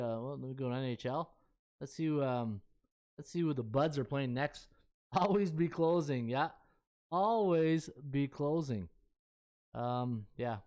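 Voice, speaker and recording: A man's voice: medium pitch, a little mellow. A middle-aged man, a sports betting handicapper chatting casually on a live stream and thinking aloud as he scrolls through stats.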